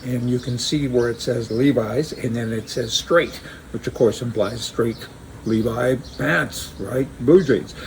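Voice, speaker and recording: A man's voice: mid-range voice, darkish tone. Male commentator, sarcastic and joking, mid-range voice, faint background hiss. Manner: sarcastic, joking, chuckling asides. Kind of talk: opinionated casual monologue.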